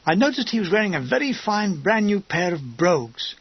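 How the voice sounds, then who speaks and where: A man's voice: high voice, very animated, brisk, husky, no echo. A man narrating a war memoir audiobook in a wry, comic storytelling manner. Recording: dull lo-fi dry recording.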